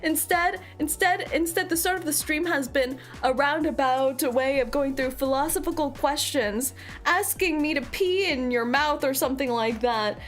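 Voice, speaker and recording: A woman's voice: high voice, moderate pace, faint music behind. A young woman streaming live, chatting with her viewers in a playful, theatrical, teasing way. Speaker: VTuber streamer.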